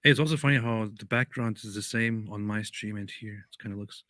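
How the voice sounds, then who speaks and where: A man co-hosting a live reaction stream, relaxed and appreciative. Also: lowish voice, a little fast, no room sound. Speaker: co-host.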